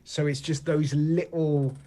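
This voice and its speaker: An English comedian chatting as a guest in an interview, telling animated anecdotes and often asking "you know what I mean?". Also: male voice, a little high, unhurried. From England. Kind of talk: casual interview chat.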